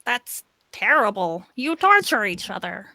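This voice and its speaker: A woman's voice: medium pitch, sing-song, a little slow, gravelly, sharp tone, no room sound, heavily acted. A woman voicing a prim, formal alien visitor in a tabletop game, proper and easily shocked.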